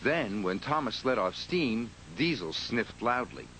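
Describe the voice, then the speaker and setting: A man narrating a children's story in a lively, expressive scripted style. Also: mid-range voice, unhurried, a little hiss or hum. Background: music.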